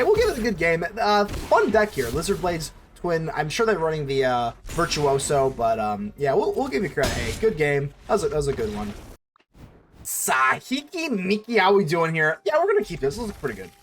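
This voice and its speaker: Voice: mid-range voice, sing-song, brisk, few pauses, background noise. A card game streamer thinking aloud through a match, fretting and scolding themselves over mistakes in casual commentary.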